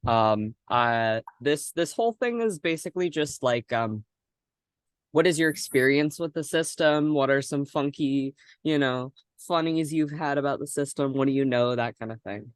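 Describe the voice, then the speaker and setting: A man's voice: mid-range voice, normal speed, clear, resonant tone, no echo. A young man hosting a casual podcast chat, giggly and rambling with lots of fillers. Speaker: podcast host.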